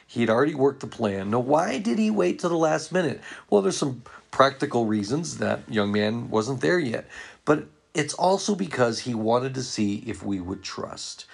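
Male ministry leader, gravelly voice, earnest anecdotal storytelling to a church audience. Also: medium pitch, lively intonation, normal speed. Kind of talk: storytelling talk to ministry workers.

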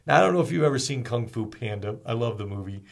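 A man hosting a ministry podcast, talking in an energetic, storytelling way with folksy asides. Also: mid-range voice, fast, vocal fry. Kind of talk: motivational podcast talk.

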